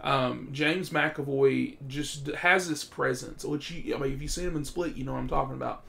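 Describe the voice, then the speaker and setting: A man giving a casual, profane movie review, excitable and animated, with loud bursts when he gets worked up. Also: mid-range voice, moderate pace, creaky.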